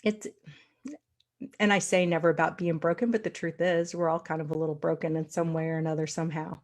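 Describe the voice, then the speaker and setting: A woman with a slightly low voice, an adult with a daughter, talks as a coach in casual conversation. She speaks fairly quickly with little pitch movement, sounding earnest and reflective and laughing lightly now and then.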